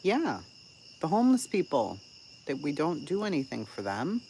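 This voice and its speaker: A woman's voice: low-pitched, big pitch swings, moderate pace, warm tone, a little hiss or hum, poor audio. A woman chatting casually on a live stream. She is blunt and profane, swears freely, and tells a sarcastic story about an argument.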